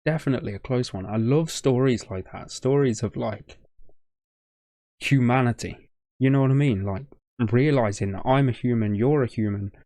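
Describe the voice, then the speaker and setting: A man's voice: mid-range voice, moderate pace, dark tone, no echo, studio quality. Choked-up man rambling through a reaction. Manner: emotional, rambling, stumbles over words. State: choked up, voice shaking. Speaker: reaction video host. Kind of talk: casual reaction commentary.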